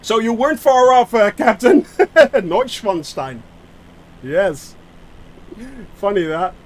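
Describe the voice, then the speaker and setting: A man's voice: high-pitched, animated, a little slow, rough recording. A man live-streaming a flight simulator game, rambling to his chat with many fillers and restarts and mocking himself. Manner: rambling, self-mocking, answers chat aloud.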